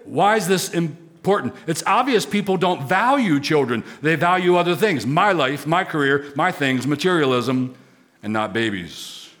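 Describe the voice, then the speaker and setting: A man's voice: a little high, lively intonation, moderate pace, fairly bright tone. Emphatic preacher man. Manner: emphatic preaching with rising, swelling repetition. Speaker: pastor. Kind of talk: sermon.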